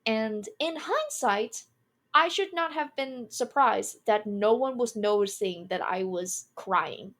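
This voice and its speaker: A woman's voice: fairly high pitch, expressive, slow, fairly bright tone. A woman in her twenties, a streamer telling a personal story in a casual, candid way, laughing now and then. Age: 20s.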